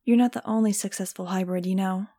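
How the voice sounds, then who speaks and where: A woman's voice: mid-range voice, fairly even intonation, quick pace, mellow, close to an everyday voice. A woman playing a cold, stern lab director. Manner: curt and contemptuous. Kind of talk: audiobook reading.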